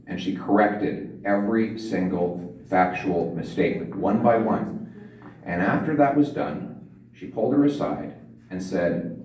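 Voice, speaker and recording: A man giving a campaign speech, rhetorical and emphatic, softening into quiet storytelling. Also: fairly low pitch, a little hiss or hum. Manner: rhetorical, builds to emphatic points then drops to a quiet storytelling tone. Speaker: politician giving a stump speech. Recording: echoey room, distant mic.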